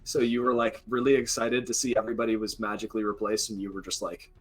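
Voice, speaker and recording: A man's voice: on the low side, flat delivery, fast talker. A man running a tabletop game as game master, narrating casually with many fillers.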